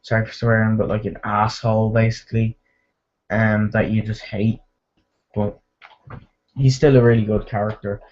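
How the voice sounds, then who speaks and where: A man's voice: on the low side, little pitch movement, moderate pace, pauses often, darkish tone, muffled recording. A man giving a casual spoken movie review, rambling with lots of fillers and restarts. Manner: rambling, filler-heavy, with restarts and mimicked quotes.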